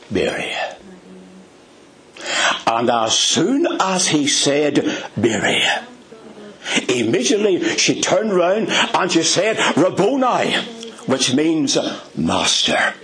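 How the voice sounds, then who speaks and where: A male preacher with an Ulster accent delivers a sermon at an unhurried pace. His pitch rises and falls dramatically as he speaks. He sometimes sinks to a hushed whisper to stress a point. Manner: dramatic, drops to whispers for emphasis; addresses listeners as dear friends.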